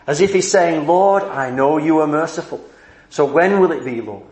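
A man preaching a sermon in slow, emphatic phrases with dramatic pauses. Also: fairly high pitch, lively intonation, a little mellow, echoey room, low-quality recording.

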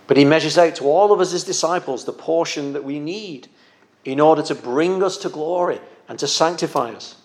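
A man with a slightly higher-than-usual voice, preaching a sermon. He speaks earnestly and gently, like a pastor encouraging his congregation, now and then doubling a word as he thinks. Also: a little fast.

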